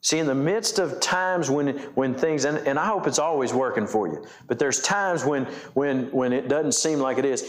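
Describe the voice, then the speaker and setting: A man's voice: mid-range voice, normal speed, hardly any pauses, echoey room. A man preaching a sermon as pastor, asking the congregation questions and often repeating and restarting his phrases. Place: church.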